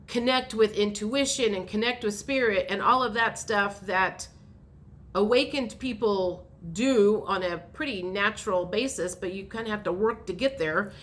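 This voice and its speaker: A woman's voice: mid-range voice, fairly bright tone. A woman telling a rambling story in a casual vlog, with many fillers and restarts. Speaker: vlogger.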